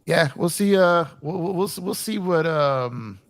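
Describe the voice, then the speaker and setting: A man's voice: a little high, lively intonation, a little slow, no room sound. A man hosting a casual sports podcast, rambling with repeated words, frequent swearing and laughter. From United States. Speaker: podcast host.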